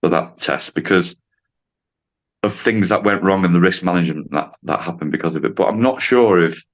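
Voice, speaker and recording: A driving instructor in his late fifties, appearing as a podcast guest, tells a story at normal speed in a low, deep voice. He speaks casually and animatedly, acting out the voices of the people involved and breaking into frequent laughs.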